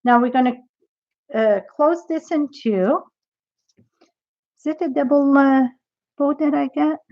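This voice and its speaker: A woman's voice: sits high, unhurried, muffled recording. A woman demonstrating a craft project in a live tutorial, chatty and thinking aloud as she works.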